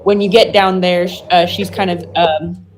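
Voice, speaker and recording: A woman's voice: lowish voice, steady tone, normal speed, slight background noise. A woman playing at a tabletop game, describing things in a rambling way full of fillers. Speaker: player.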